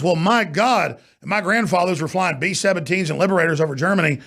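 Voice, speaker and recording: A man's voice: sits high, brisk, creaky, a bit bright. A man hosting a talk show, ranting and mocking in an off-air political monologue from a studio.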